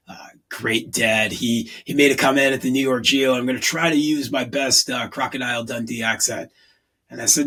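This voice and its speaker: A man's voice: medium pitch, pushed and bright, breathy edge, rough recording. A man in his forties hosting a podcast, talking in an earnest, rambling way. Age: 40s. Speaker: podcast host. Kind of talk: casual podcast monologue.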